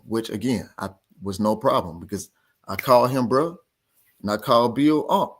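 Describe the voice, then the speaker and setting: Hosting a boxing talk show, this man rants in a heated, casual way, hammering his points home by repeating them. His husky voice sits at a medium pitch and moves at a moderate pace, and he comes across as animated and argumentative.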